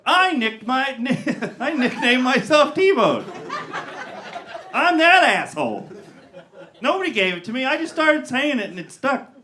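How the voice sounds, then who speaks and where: A man's voice: very high-pitched, very animated, unhurried, pushed and bright, slight background noise. A man performing a stand-up comedy set, telling a story with crowd work and acted-out voices in a comedy theater. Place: comedy theater with live audience.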